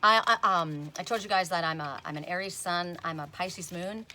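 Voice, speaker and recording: A woman's voice: lowish voice, normal speed, sharp tone, slight background noise. A woman giving a casual spoken oracle card reading. She chats, often tags on "right?", and breaks off with sudden emphatic "Stop.".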